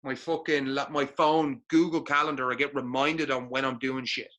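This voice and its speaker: A man's voice: medium pitch, flat delivery, normal speed, a bit bright, dull audio. A man co-hosting a podcast, giving blunt motivational talk full of swearing and emphatic repetition. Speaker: podcast co-host.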